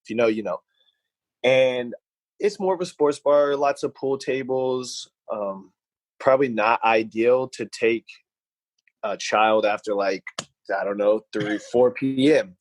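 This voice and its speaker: A man's voice: mid-range voice, a little slow, no echo, rough recording. A man co-hosting a podcast, telling stories in a casual chat, rambling and repeating words as he goes. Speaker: podcast co-host.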